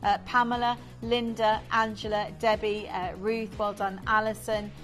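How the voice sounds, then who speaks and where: A woman presenting a live jewellery auction on a shopping channel, gushing over the stones in rapid sales patter and reeling off bidders' names. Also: medium pitch, flat delivery, fairly bright tone, soft background music. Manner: reels off bidder names and congratulations.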